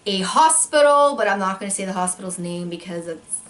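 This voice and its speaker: A young woman telling a casual storytime vlog, full of likes and ums, jumping into high voices when she acts out quotes. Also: animated, a little fast, a bit bright. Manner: filler-heavy, many likes and ums.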